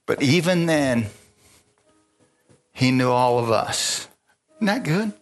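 A man's voice: mid-range voice, lively intonation, slow, soft background music. Chuckling preacher man calling for amens. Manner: call-and-response preaching with frequent amens; conversational and chuckling. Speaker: pastor. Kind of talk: sermon.

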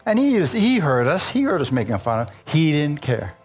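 A man telling his testimony from the pulpit, lively and conversational, asking the congregation for an amen between stories. Faint music plays underneath. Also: medium pitch, a little fast. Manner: animated storyteller, calls out to congregation. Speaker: preacher giving a testimony. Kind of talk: sermon testimony.

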